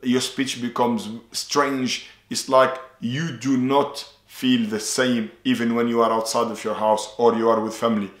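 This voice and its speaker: A man's voice: medium pitch, level tone, unhurried, hardly any pauses, reverberant. A man speaking as a ruqya practitioner, explaining at length in an earnest, repetitive way, often adding religious phrases. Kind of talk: instructional talk.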